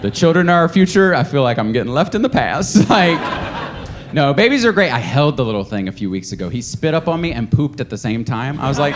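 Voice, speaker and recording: A man's voice: a little fast, a crowd in the background. A man performing a stand-up comedy set on a club stage, telling stories and slipping into mocking voices. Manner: lively storytelling, jumps into high mocking voices for others. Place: comedy club stage before a laughing audience. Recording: live club recording with audience noise.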